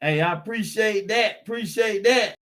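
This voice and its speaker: A man's voice: high voice, normal speed, fairly bright tone. A man hosting a car channel live stream, chatting with viewers in a laid-back, encouraging way and greeting them by name.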